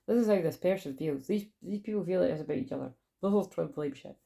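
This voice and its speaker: Woman, tarot reader, very low and heavily gravelly, mellow tone, rambling casual delivery. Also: quick pace, few pauses. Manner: rambling, reads card texts aloud, swears casually. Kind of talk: casual spiritual tarot reading.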